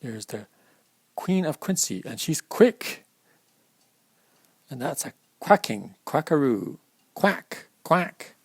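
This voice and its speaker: A man's voice: mid-range voice, very animated, slow, long pauses, a little mellow, slightly rough, dry recording. A man reading a children's alphabet picture book aloud at storytime, stopping to explain the pictures to young listeners. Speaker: storytime reader.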